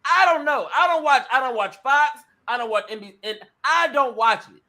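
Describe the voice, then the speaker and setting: A male talk show host giving emphatic opinion commentary, acting out little scenes and addressing listeners as ladies and gentlemen. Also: extremely high pitch, expressive, a little fast.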